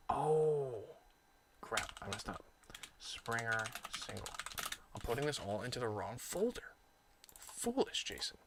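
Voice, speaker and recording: Against background noise, a man with a low voice hosts a livestream, reacting excitably to a baseball game and muttering reprimands to himself as he organizes clips.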